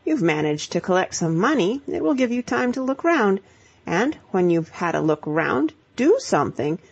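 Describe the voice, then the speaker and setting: A woman's voice: medium pitch, sing-song, normal speed, gravelly, husky, muffled recording, full character voice. Woman voicing a spirited, emphatic young woman. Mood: lecturing. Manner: emphatic, lecturing, exclamatory. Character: spirited young woman giving brisk advice.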